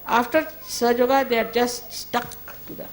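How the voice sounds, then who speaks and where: A woman's voice: on the high side, level tone, a little fast, slight background noise. A woman giving an informal spiritual talk as a teacher, conversational and firm, chiding at times and often laughing.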